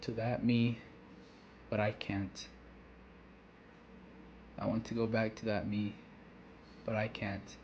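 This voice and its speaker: A man voicing a listless, empty teenage boy striker full of regret, read aloud quietly and flatly from a manga. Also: on the low side, slow pace, long pauses, lo-fi sound, a little hiss or hum. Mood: regretful.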